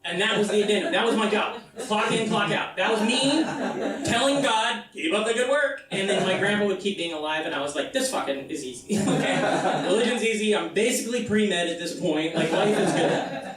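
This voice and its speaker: High-voiced American man doing a stage show. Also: normal speed. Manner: loose, profane storytelling with sudden shouted bits. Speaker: comedian. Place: live theatre stage. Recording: echoey live room, mic far off.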